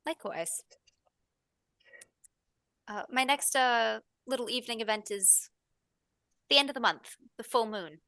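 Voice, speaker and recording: A woman voicing a poised wealthy female art patron with a light Scottish accent, gracious and flattering, on a dry close mic. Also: fairly high pitch, measured pace, long pauses, no room sound, full character voice.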